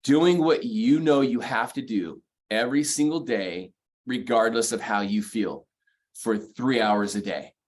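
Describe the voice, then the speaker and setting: A man's voice: mid-range voice, a little slow, darkish tone. A man coaching mortgage professionals in a motivational sales training talk, speaking emphatically, repeating key phrases and counting off numbered points.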